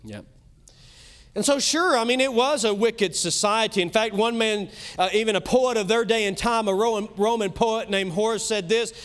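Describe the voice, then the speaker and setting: Male pastor with a Kentucky accent, high voice, emphatic sermon delivery. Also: clean tone. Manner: emphatic preaching, swinging loud and soft, quick asides.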